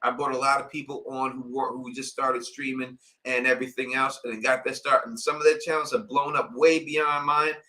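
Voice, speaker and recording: A YouTube channel host from Queens, New York, with a matching accent, runs a casual live-stream Q&A in a slightly high, bright, forceful voice. He talks emphatically and insistently, repeating "you know what I mean" often. The recording is rough.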